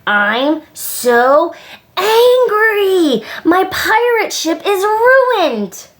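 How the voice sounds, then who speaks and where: A woman's voice: lowish voice, lively intonation, unhurried. A woman voicing a boastful, hot-tempered little boy playing pirate in a storybook. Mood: angry. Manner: bragging, snappish.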